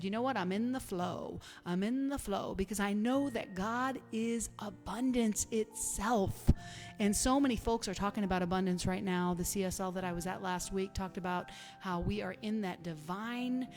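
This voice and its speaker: A woman's voice: mid-range voice, a little mellow, long reverb tail. A woman preaching an emphatic, uplifting spiritual sermon who now and then breaks into song. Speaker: spiritual minister.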